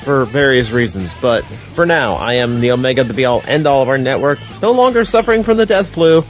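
A joking man co-hosting a wrestling talk show, his pitch bouncing all over as he teases his friends. The audio is dull and lo-fi, with faint music underneath. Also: animated, a little fast. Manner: jokey, teasing, laughs often. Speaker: podcast co-host. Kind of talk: casual wrestling chat.

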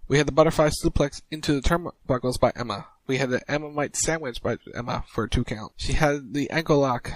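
A man co-hosting a casual podcast, recapping wrestling moves in quick play-by-play style. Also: no echo, poor audio. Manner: rapid recap, mimics crowd chants in a higher voice.

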